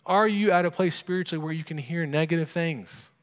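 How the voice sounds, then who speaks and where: A man's voice: fairly high pitch, fairly quick, in a large hall. A pastor preaching a sermon in a conversational way, asking his congregation questions.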